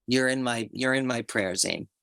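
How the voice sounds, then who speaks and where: A man's voice: medium pitch, moderate pace, gravelly, fairly bright tone, smooth, no room sound. A man in a recovery group who talks in a gushing, repetitive way, heard over a video call. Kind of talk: group sharing.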